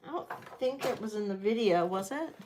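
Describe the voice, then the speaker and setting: A woman's voice: medium pitch, lively intonation, fairly quick, a little mellow, slight background noise. A middle-aged woman hosting a live-streamed vintage jewelry sale, chatty and thinking aloud with many ums.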